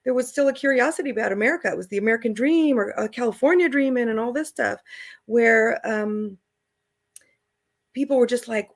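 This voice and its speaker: A chatty middle-aged woman with a slightly high voice, guesting on an interview. She tells her travel stories casually, laughs easily and slips into the voices of the people she quotes. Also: a little fast, creaky.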